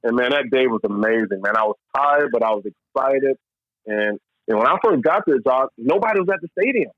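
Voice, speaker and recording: A man's voice: medium pitch, a little fast, dry recording. A man from Louisville, a former pro baseball player, telling his story in a casual interview and tossing in "man" a lot. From Louisville, Kentucky, US. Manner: animated, repeats "man" and restarts often. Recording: dull lo-fi dry sound.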